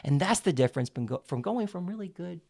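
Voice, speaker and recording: A man teaching public speaking in an instructional video, emphatic and clearly enunciated, demonstrating exercises as he explains them. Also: high voice, expressive, fast talker, mellow.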